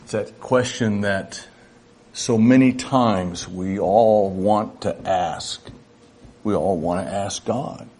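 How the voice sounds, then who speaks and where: A man's voice: fairly low pitch, takes it slowly, a little mellow. An older man preaching a sermon to his church, folksy and reflective, sometimes acting out little dialogues. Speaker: pastor.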